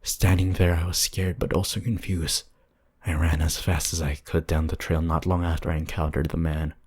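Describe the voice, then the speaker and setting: A man narrating a horror story in a hushed, tense, deliberate way. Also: very deep voice, little pitch movement, slightly rough.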